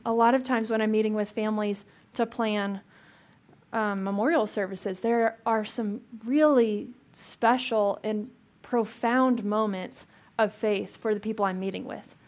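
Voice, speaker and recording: In church, a woman pastor gives a conversational sermon, asking the congregation questions and adding light jokes. She speaks a little slowly, her voice on the high side with fairly even intonation.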